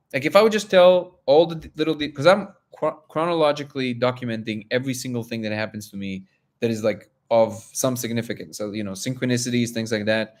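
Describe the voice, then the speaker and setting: A man hosting a live discussion, telling a personal story in an animated way and acting out quotes. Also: medium pitch. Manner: animated, acts out quotes, many restarts. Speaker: host.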